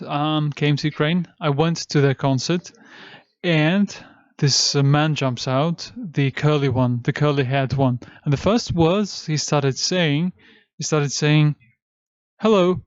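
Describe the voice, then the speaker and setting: A man with a fairly high voice lectures at a very slow pace, drawing out chanted syllables and pausing to cue each breath in and out. The recording is dry and dull, with a muffled top end. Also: dry recording. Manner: repeats syllables slowly, cues breathing in and out. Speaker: esoteric teacher.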